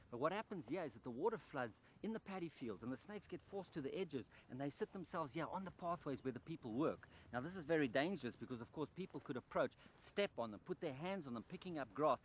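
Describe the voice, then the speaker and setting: A man presenting a wildlife documentary outdoors in rice fields, animated and excited, dropping to a hushed voice near the animal. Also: a little high, slight background noise.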